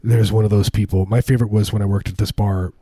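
A man's voice: lowish voice, flat delivery, fast talker, dark tone, husky, no echo. A man chatting casually as a co-host, rambling through stories with many restarts and acted-out quotes. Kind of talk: casual comedic chat.

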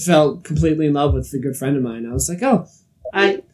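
A man's voice: medium pitch, fast talker, rough recording. A young man in casual podcast chat, animatedly telling a story and acting out the voices in it. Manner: animated, acts out quoted voices. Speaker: podcast co-host.

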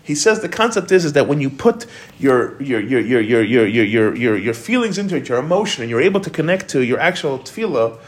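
A man's voice: mid-range voice, sing-song, brisk. A man giving an informal Torah class, talking conversationally and quoting commentators.

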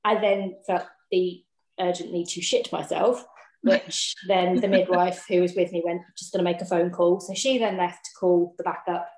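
A woman's voice: lowish voice, moderate pace. A woman telling her birth story in casual chat, laughing often and acting out what people said. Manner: lively, laughs often, acts out dialogue. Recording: roomy echo.

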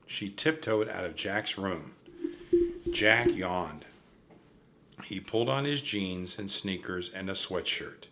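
An older man reading a children's chapter book aloud, with a gentle, reassuring manner. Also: low-pitched, slow, heavy background noise. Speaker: storybook reader. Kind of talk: children's story read-aloud.

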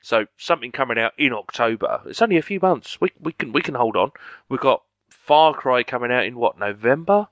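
A man's voice: mid-range voice, lively intonation, a little fast, fairly bright tone, no echo, highs cut off. A man co-hosting a podcast, chatting enthusiastically about video games and swearing freely. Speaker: podcast co-host. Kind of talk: casual chat.

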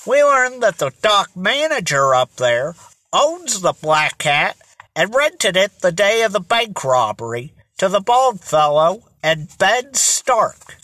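Slow, animated storybook narrator. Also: medium pitch, no echo. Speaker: audiobook narrator. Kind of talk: scripted narration.

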